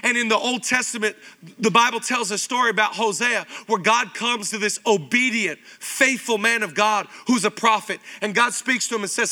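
High bright-voiced pastor guy, chatty sermon, repeats himself a lot. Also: moderate pace. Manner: animated, conversational preaching with repetition. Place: church auditorium.

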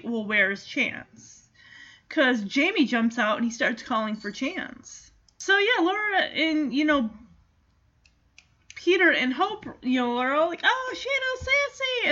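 A woman giving a chatty, animated casual recap of a movie, with asides to the listener. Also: sits high, muffled recording.

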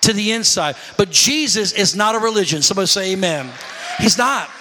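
A man's voice: sits high, expressive, fairly quick, pushed and bright, in a large hall, slight background noise. A man preaching a sermon, telling stories animatedly and calling out to his congregation. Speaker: pastor.

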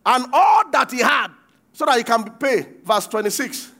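A man preaching a sermon, reading verses and breaking off to quiz the congregation, acting out the quoted lines with sudden shouts. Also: very high voice, sing-song, normal speed. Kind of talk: sermon with call-and-response.

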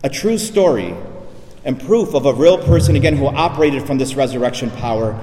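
A male priest delivering an emphatic sermon, dropping his voice low and soft on key lines. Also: lively intonation, brisk. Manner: emphatic preaching, drops low and soft for weight. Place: church. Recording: echoey church reverb.

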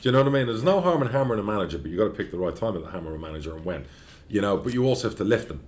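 A low-voiced man rattles through his stories fast in an interview. He is blunt, swears freely, and tells each story with energy. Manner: blunt, profane, animated storyteller. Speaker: football club chairman.

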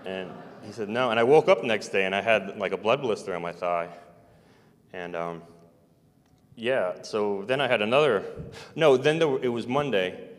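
Man, lowish voice, meandering first-person account with soft chuckles, long hall reverb. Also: moderate pace. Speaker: former navy serviceman recounting an experience.

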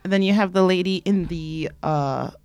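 A woman's voice: on the low side, unhurried, a little mellow, clear, resonant tone, no echo. Chatty young woman, dry close mic. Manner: chatty, laughs easily, trails off mid-sentence. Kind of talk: casual podcast chat.

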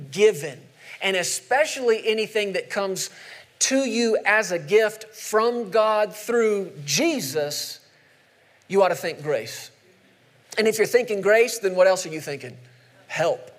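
A male pastor preaching a sermon, emphatic, posing questions to the congregation and slowing down to stress scripture. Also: high voice. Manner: emphatic, asks the audience questions, slows down for scripture.

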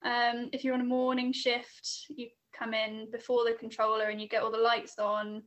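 Young woman, higher voice, flat intonation, casual chatty explaining. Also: moderate pace. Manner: chatty, explains with many fillers and restarts. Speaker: air traffic control assistant. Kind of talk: casual interview chat.

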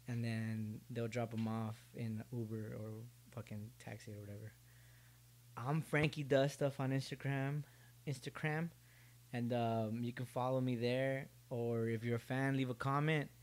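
A man's voice: mid-range voice, a little mellow. A young man hosting a solo podcast, rambling casually with lots of swearing and jokes. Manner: profane, rambling, joking. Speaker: podcast host.

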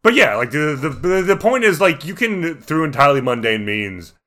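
Lively, bright-voiced man thinking aloud. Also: on the high side, normal speed. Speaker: tabletop game podcast co-host. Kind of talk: casual chat.

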